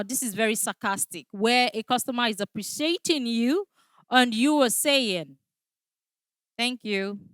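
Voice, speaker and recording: A woman's voice: on the high side, fairly bright tone, no echo. A woman teaching a customer service training class, speaking emphatically and often checking in with "all right?". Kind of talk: training lecture.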